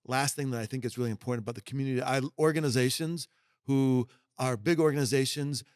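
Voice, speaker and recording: A man's voice: mid-range voice, quick pace, clean tone, no echo. Emphatic middle-aged man, dry close sound. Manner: emphatic, folksy, acts out quoted voices. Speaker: guest executive mentor. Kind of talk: podcast conversation.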